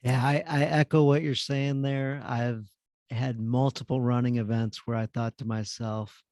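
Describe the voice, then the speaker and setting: A man hosting a podcast, chatting in a relaxed, conversational and affirming way. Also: mid-range voice, a little slow, no room sound, clean studio sound. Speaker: podcast host. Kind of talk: casual chat.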